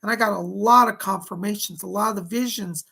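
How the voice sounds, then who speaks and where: Man, psychic medium, hoarse, gravelly, husky, chatty and folksy, live-stream readings. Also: high-pitched, fairly even intonation, a little fast, bright, forceful tone, rough recording. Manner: chatty and folksy, thanking viewers by name. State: hoarse, losing his voice.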